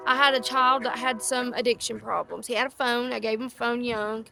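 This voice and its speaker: Level in tone, on the high side and a little fast, with vocal fry, a middle-aged woman hosts a casual chat outdoors for a live audience. Ducks quack behind her as she rambles and gets sidetracked.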